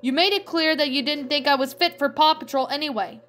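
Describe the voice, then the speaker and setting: A woman's voice: high-pitched, a little fast, a bit bright, soft background music, voice pushed up. A woman voicing an upset young male puppy in a fan fiction reading, with a raised, emotional delivery. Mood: pleading.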